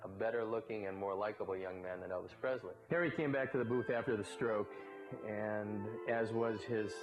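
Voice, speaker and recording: A man, a former baseball broadcaster, telling anecdotes in a relaxed storytelling way. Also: fairly low pitch, normal speed, dull audio, music in the background. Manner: relaxed raconteur, briefly mimics others in quotes.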